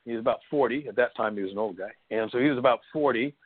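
Over narrow, tinny audio with a noisy background, a middle-aged San Diego man speaks very fast at medium pitch. He's a hypnosis trainer guesting in a conversational interview, chattily telling stories, laughing at times, and leaning heavily on fillers.

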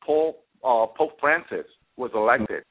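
A man's voice: medium pitch, lively intonation, measured pace. A man hosting a talk radio interview, repeating and restarting his words often. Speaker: radio host. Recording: tinny phone-line sound.

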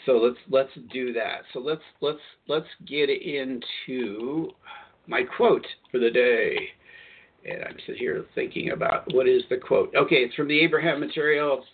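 A man's voice: mid-range voice, normal speed. A man with a mid-range voice hosts a spiritual talk radio show, chatting loosely and circling back to fix his own words. The sound is thin and tinny, like a phone line. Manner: rambling, self-correcting and chatty.

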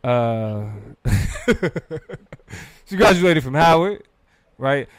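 A man co-hosts a casual live discussion, rambling with fillers and quick laughs. His voice is smooth and clear, and the sound is dry and close with no room around it. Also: medium pitch, no room sound. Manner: loose and animated, frequent fillers, laughs while talking. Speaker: podcast co-host.

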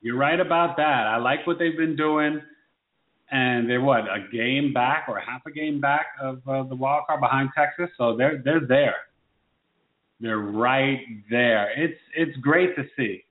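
Sports talk guy, lively and teasing, sounds like a tinny phone line in an echoey room. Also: mid-range voice, unhurried. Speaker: sports talk show co-host. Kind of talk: casual sports chat.

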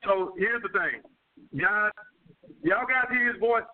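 A man's voice: sits high, animated, takes it slowly. A man with a New York accent hosting a call-in dating advice show, blunt and profane, repeating his points. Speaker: dating coach host. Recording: phone-line call-in audio.

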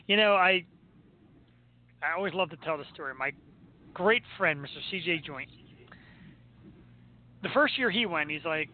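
A man with a high voice hosts a casual radio chat, spinning jokey stories and laughing between them. The sound is narrow and tinny, like a phone line. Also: animated, a little slow, long pauses, slight background noise. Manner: storytelling, jokey, laughs often. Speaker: radio show host.

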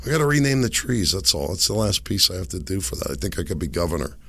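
Middle-aged male podcast host, low and gravelly, hoarse from illness, rambling and self-amused, dry close mic. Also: very animated, fast, a bit bright, no echo. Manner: rambling, self-amused, laughs at own jokes. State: hoarse, sick voice. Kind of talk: casual solo podcast monologue. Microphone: desk microphone.

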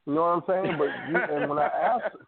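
A radio show co-host tells stories over a tinny phone line, animatedly acting out quotes from his family in casual chat. His voice is fairly high, fairly quick, and husky, and the phone-line audio is dry.

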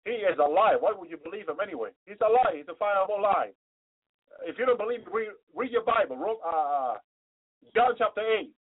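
Fervent high-voiced male preacher. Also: expressive, fairly quick. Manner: fervent, exhorting. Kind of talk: sermon. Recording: tinny phone-like broadcast audio.

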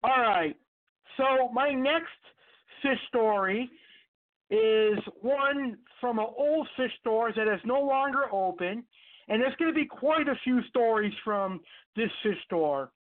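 A man's voice: extremely high pitch, animated, slow. A man hosting an online radio show, telling a personal story in a rambling, casual way with many fillers and restarts. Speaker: podcast host. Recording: tinny phone-line sound.

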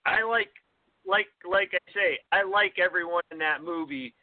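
A man's voice: high-pitched, normal speed, no echo. Rambling man on a thin, phone-like line. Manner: rambling, hesitant, many fillers. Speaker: podcast co-host. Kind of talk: casual film chat. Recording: thin phone-like audio, dry.

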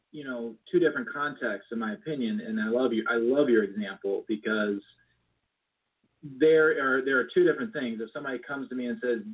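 Guy guest on a phone-quality line, husky voice, earnest, thinks out loud. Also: mid-range voice. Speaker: business club founder, guest. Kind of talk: casual interview chat.

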